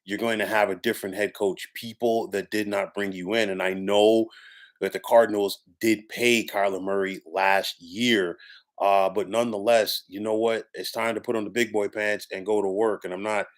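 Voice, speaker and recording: Lower-voiced man giving sports opinions. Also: fairly even intonation, moderate pace. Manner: emphatic, repeats opinion phrases. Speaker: sports commentator. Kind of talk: solo sports opinion monologue.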